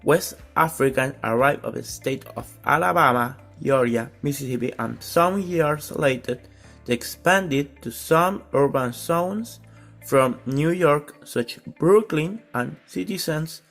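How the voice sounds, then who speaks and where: Guy reading his presentation slow and halting, soft music behind. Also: fairly high pitch, creaky. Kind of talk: read-aloud presentation.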